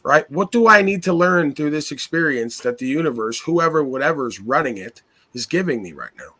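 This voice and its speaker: A man's voice: fairly high pitch, lively intonation, a little fast, sharp tone. A man hosting a podcast, talking philosophically in earnest, probing rhetorical questions. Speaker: podcast host. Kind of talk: casual philosophical chat.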